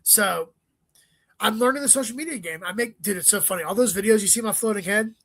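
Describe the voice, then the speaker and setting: A man, a stand-up comedian, chatting as an interview guest, telling stories quickly with swearing and joking asides. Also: high voice, a bit bright, no room sound. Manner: profane, rapid storytelling with joking asides. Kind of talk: casual interview chat.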